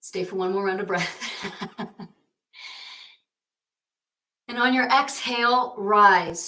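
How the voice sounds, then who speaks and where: A woman's voice: high-pitched, pushed and bright, reverberant, recorded from a distance, low-quality recording. A woman leading a guided yoga class and telling a myth along the way, with playful, jokey asides. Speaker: yoga teacher.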